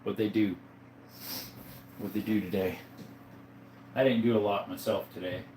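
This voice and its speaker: A man's voice: on the low side, steady tone, moderate pace, darkish tone, a little hiss or hum. A man hosting a livestream, casually reading viewer comments aloud and answering their questions one by one in a laid-back way. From Arizona, US. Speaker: livestream host.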